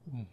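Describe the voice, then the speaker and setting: A man making his first ASMR video, talking in a soft, half-whispered voice that is hushed and self-mocking, and often apologizing. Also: noisy background. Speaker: ASMR creator.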